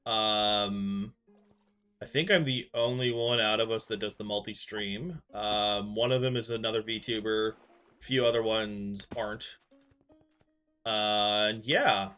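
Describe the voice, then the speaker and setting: A young man from Canada talks loosely to his stream viewers, his voice bright and somewhat low, wandering between thoughts with plenty of ums while he plays. Faint music runs underneath. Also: steady tone, slow, smooth. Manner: rambling, filler-heavy, distracted while playing. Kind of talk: casual live-stream chat with viewers.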